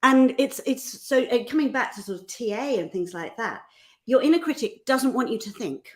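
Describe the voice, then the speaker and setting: A middle-aged woman, a host and life coach, talking casually and acting out quoted voices with quick laughs. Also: fairly high pitch. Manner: animated, acts out voices in quotes, laughs often. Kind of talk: casual podcast conversation.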